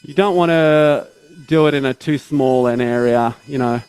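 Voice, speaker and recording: A man's voice: medium pitch, moderate pace, a little mellow, clear, resonant tone, no room sound, soft background music, poor audio. A man, a surgeon, giving step-by-step teaching commentary during a live operation, often checking in with tag questions.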